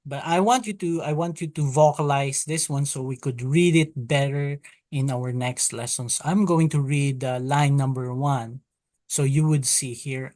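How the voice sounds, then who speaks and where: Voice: medium pitch, moderate pace, a little mellow, no room sound. A teacher leading an online Hebrew alphabet class, patiently repeating vowel sounds and calling on students to read. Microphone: video call.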